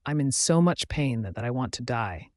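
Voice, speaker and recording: A man's voice: mid-range voice, expressive, normal speed, dry recording, studio quality, close to an everyday voice. A man voicing an anguished werewolf alpha. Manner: anguished, pleading, emotional outbursts. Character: tormented young male werewolf alpha.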